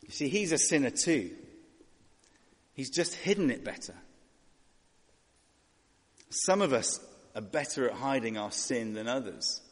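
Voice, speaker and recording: A man's voice: medium pitch, lively intonation, measured pace, long pauses, long reverb tail. A man preaching a sermon in a conversational way, asking rhetorical questions and voicing characters.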